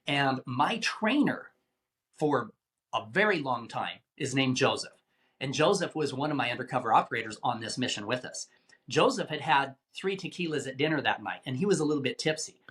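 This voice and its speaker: A middle-aged man, a podcast guest, recounting a tense rescue mission in vivid, animated storytelling with acted-out quotes. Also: medium pitch, moderate pace. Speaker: guest, anti-trafficking rescuer. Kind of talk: dramatic storytelling in a podcast interview.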